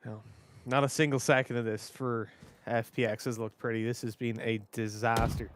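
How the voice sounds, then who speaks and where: A man's voice: mid-range voice, little pitch movement, normal speed, a little hiss or hum. A man with an Irish accent, commentating an esports match in a chatty, joking way with frequent laughs. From Ireland. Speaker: esports caster.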